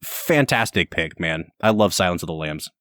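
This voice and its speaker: A man co-hosting a casual podcast, joking and telling stories in an animated way. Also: sits low, moderate pace, clean tone, dry recording, clean studio sound. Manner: jokey, animated storytelling. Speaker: podcast co-host. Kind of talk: casual chat.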